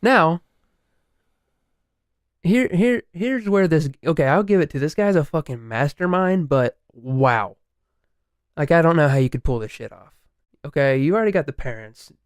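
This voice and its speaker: A young man co-hosting a podcast, retelling a story in casual chat, animated, swearing and laughing. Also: a little high, normal speed, pauses often, smooth, dry recording, studio quality. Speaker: podcast co-host.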